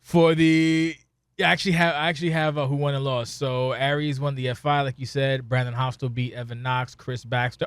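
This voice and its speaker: Man, podcast host, excitable, profane, rambling, dry mic. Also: mid-range voice, brisk, clean tone, no room sound. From Spanish heritage. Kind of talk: casual podcast chat.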